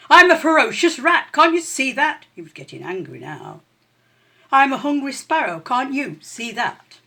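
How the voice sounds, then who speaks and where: A woman reading a children's story aloud in an expressive, animated way. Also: mid-range voice, husky.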